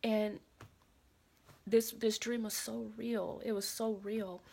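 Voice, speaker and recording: A woman's voice: on the high side, takes it slowly, creaky. A woman casually recounting a frightening dream, repeating phrases and dropping into whispers for quoted lines. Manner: dramatic retelling, drops to whispers for quoted lines; animated, repeats phrases, many fillers. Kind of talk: casual spoken storytelling.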